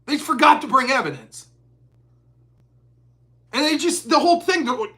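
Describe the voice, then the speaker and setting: A man's voice: extremely high pitch, expressive, moderate pace, pauses often, sharp tone. A man of forty hosting a live stream, talking in a profane, heated rant. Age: 40s. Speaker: host.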